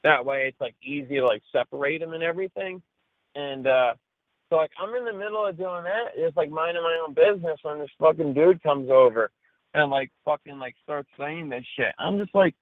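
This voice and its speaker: A man's voice: a little high, normal speed, no room sound. A young man telling a story in casual chat, profane and rambling, with lots of filler words. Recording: tinny phone-like line, dry.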